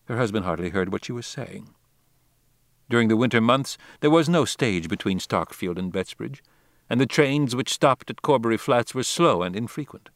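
A man narrating a classic novel as an audiobook, in a measured, deliberate reading style. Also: mid-range voice, animated, no room sound, clean studio sound.

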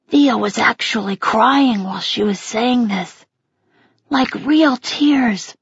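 A woman narrating a first-person audiobook in a gentle, unhurried way. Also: on the high side, breathy edge, no room sound, highs cut off.

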